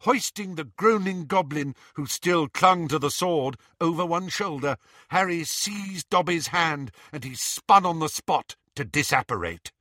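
A man's voice: on the high side, measured pace, dry recording, clean studio sound. A man narrating a fantasy story aloud, reading dramatically and voicing the characters. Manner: animated, dramatic reading with voices. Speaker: audiobook narrator.

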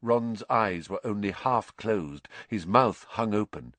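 A man narrating a story aloud, expressive and dramatic, rising with the action. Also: lowish voice, takes it slowly, no echo. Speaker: audiobook narrator.

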